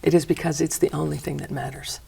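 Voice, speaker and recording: A middle-aged woman, a healing teacher, calmly guiding a breathing exercise and talking about her work in an interview. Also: low voice, gravelly, breathy edge. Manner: calm, slow guiding cues. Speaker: energy healing teacher, guest. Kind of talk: guided breathing instruction and interview.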